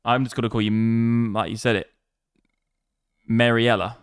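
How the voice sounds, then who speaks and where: A man's voice: medium pitch, level tone, slow pace, creaky, pauses often, clear, resonant tone, no echo. Man, live crypto trading stream, hyped casual banter, resonant voice, dry sound. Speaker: livestream crypto trader.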